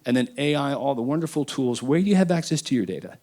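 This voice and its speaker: A man speaking on a panel, emphatic and emotional, swinging between loud declarations and quiet asides. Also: on the high side, lively intonation, fast, hardly any pauses. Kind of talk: impassioned panel talk.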